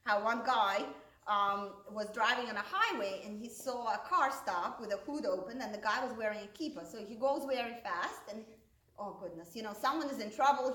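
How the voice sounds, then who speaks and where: Woman, native Russian speaker, stand-up storyteller, rambling, slightly high voice, echoey hall. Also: bright, forceful tone. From Russian-speaking background. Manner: rambling, filler-heavy storytelling, jumping into high-pitched quoted voices. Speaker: stand-up comedian. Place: event hall. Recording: echoey room, recorded from a distance.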